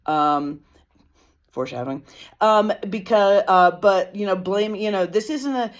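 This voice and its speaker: A woman's voice: mid-range voice, unhurried, lo-fi sound. A tired woman telling a story casually in a rambling, self-deprecating way, with many fillers and restarts. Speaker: vlogger.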